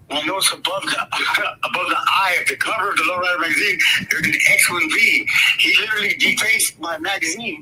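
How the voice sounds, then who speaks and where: A man's voice: a little high, bright, forceful tone, a little hiss or hum, rough recording. A man telling a long, rambling personal story in casual talk, swearing freely and restarting his sentences. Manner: rambling, swears freely, laughs through tense moments. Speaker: guest storyteller.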